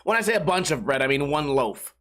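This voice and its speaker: A man's voice: a little high, very animated, a little fast, a bit bright. A man hosting a solo podcast, telling rambling profane stories and slipping into mock voices. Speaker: podcast host. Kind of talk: casual solo rant.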